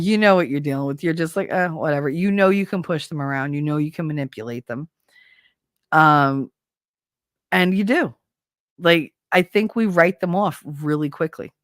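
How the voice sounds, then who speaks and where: A woman's voice: deep voice, expressive, moderate pace, no echo, studio quality. A woman from New Jersey with a Jersey accent and a slight Southern twang, hosting a podcast as casual, opinionated chat, blunt and profane. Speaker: podcast host.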